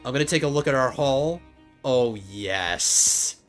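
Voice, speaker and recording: A man hosting a let's play, giving casual gameplay commentary and getting excitable as he thinks aloud. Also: a little high, fast. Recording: game music playing under the voice. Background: game music.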